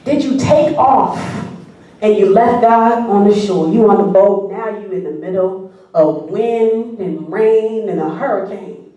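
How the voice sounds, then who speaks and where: A woman's voice: mid-range voice, unhurried, warm tone. A woman pastor preaching a sermon, drawing the congregation in with questions and answers and building fervor. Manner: preaching with call and response, rising fervor. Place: church sanctuary. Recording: echoey church hall from far off.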